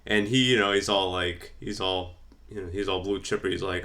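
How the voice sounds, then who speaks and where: A wrestling vlogger talks in a low, brisk voice that sounds pushed and bright. He's doing casual fantasy-booking commentary, reading from his notes and rambling with plenty of fillers.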